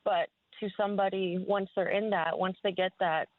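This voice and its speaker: A woman's voice: mid-range voice, steady tone, normal speed, no echo. A woman calling in to a radio show, speaking earnestly with many fillers and restarts. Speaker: caller. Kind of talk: phone-in opinion. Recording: tinny phone line.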